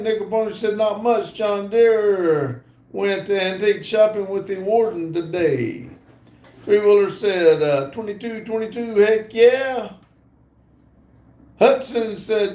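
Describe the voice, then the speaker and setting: A man's voice: high-pitched, a little mellow, roomy sound. A middle-aged man with a Southern US accent hosts a live stream outdoors on a phone. He reads viewer comments aloud in an easygoing way, with many "uh" fillers. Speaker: livestream host. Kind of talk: casual live stream, reading chat aloud.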